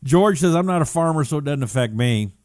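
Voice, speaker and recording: A man's voice: on the high side, expressive, brisk, a little mellow, no echo. Chatty middle-aged male host, dry close sound. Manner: chatty, rambling, reads comments aloud and jokes. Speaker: talk show host. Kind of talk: casual live-stream chat reading viewer comments.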